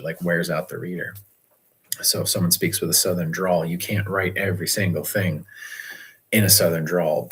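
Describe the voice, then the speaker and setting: A man's voice: sits low, slightly rough. A man, an author hosting his own livestream, chatting casually and rambling with lots of restarts about his audiobook.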